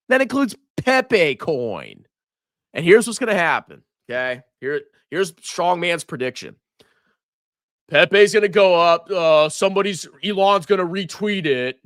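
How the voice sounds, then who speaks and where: A man hosting a finance livestream, ranting and mocking in an animated voice that swings between loud outbursts and mutters. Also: sits high, unhurried, no room sound, studio quality. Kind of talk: livestream rant and stock commentary.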